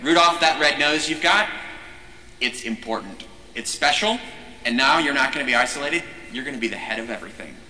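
A man's voice: medium pitch, expressive, fairly quick, pushed and bright. A priest speaking as God, loving and reassuring, while he teaches. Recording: echoey hall with long reverb.

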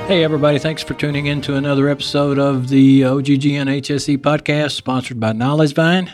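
A man's voice: medium pitch, steady tone, brisk, darkish tone, faint music behind. A man with a Texas accent hosting a podcast, chatting in a folksy, joking way and laughing often. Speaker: podcast host. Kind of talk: casual interview chat.

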